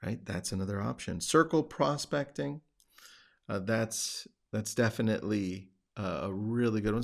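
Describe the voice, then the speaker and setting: A man with a somewhat low voice and a rough, gravelly edge talks casually, like a coach on his own podcast. He keeps it conversational and now and then acts out phone calls in a livelier voice. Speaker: podcast host and real estate coach. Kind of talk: casual talk.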